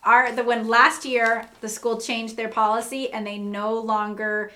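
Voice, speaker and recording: A woman's voice: fairly high pitch, level tone, unhurried, pushed and bright. A woman co-hosting a casual chat, giving blunt, matter-of-fact opinions from her time as a teacher. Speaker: co-host, former teacher.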